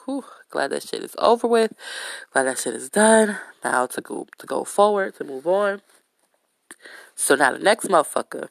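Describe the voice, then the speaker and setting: A woman hosting a podcast, telling a story in a casual, blunt way with heavy swearing and lively retelling. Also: a bass voice, creaky, no room sound. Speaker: podcast host.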